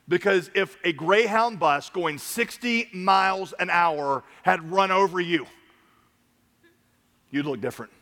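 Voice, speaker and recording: A pastor delivers a sermon with a bright, forceful voice that sits a little high for a man. He swings between loud, urgent appeals and softer, earnest passages. His words ring out into a church hall with a long reverb. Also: lively intonation, normal speed. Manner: emphatic preaching, swinging from loud urging to quiet earnest talk. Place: large church stage.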